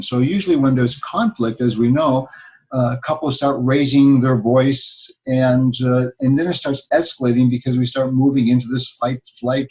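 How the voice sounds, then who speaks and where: A man's voice: mid-range voice, a little mellow. Man counselor in a dull lo-fi recording. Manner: thoughtful, with many fillers. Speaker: couples counselor, co-host. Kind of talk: advice talk.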